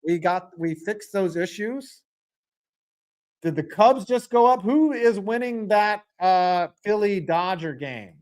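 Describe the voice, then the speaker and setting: A man streaming a live football reaction, excitable and rambling, swinging from loud outbursts to low mutters. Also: slow. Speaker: sports streamer.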